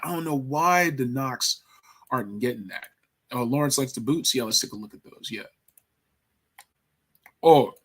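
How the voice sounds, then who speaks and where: Chatting with viewers on a laid-back toy-figure livestream, this man is excitable and slangy, breaking into frequent laughs. He speaks at a medium pitch.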